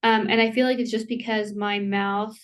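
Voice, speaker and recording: A woman's voice: mid-range voice, little pitch movement. Rambling woman vlogger, a bit off-mic. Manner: rambling, self-interrupting, full of "like" and quick apologies; laughs between thoughts. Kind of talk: casual rambling rant to camera. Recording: voice somewhat distant from the mic.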